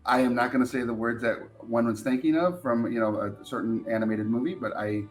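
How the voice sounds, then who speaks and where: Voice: mid-range voice, fairly quick, faint music behind. Chatty, inquisitive game player. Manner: chatty, questioning, trailing off softly. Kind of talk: casual tabletop play.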